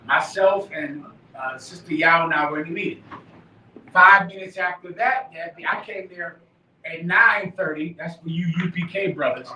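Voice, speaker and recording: A man leading a live class, preaching emphatically, dropping quiet then shouting. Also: on the high side, normal speed, a little hiss or hum. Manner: emphatic, swings from quiet to shouting, laughs and swears. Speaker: class leader. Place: live meeting room. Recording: echoey room from far off.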